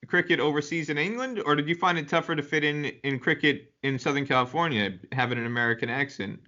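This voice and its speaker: A male podcast host asks his guest questions at a measured pace, with a touch of amusement. His voice is bright and sharp. The recording sounds dull and lo-fi. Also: fairly high pitch. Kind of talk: interview questions.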